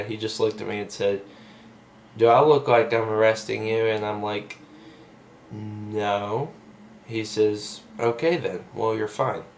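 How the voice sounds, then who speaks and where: A young vlogger with a lowish voice tells a story casually, rambling with many fillers and asides. It's recorded on a camera mic with a little hiss or hum.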